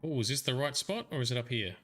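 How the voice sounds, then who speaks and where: A man's voice: mid-range voice, lively intonation, fast, a bit bright. A man with an Australian accent giving chatty, laughing commentary over a game livestream. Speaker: streamer. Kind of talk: let's play commentary.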